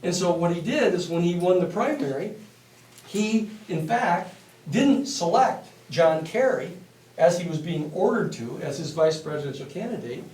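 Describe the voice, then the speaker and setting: Blunt, animated male lecturer. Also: high-pitched, normal speed. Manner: animated, blunt, profane storyteller. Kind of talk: classroom lecture storytelling. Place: university classroom. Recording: echoey classroom from a distance.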